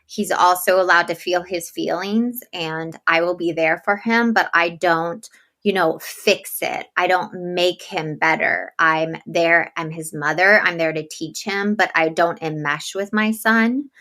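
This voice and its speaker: A woman speaking as a guest in a casual interview, telling animated stories and laughing often. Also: on the low side, measured pace. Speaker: podcast host as guest.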